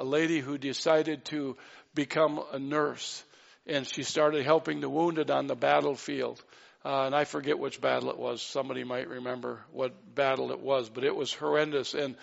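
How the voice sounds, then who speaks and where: A man's voice: medium pitch, fairly even intonation, moderate pace, vocal fry, muffled recording. A man preaching a sermon in an earnest way, with light asides and acted-out quotes. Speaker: pastor.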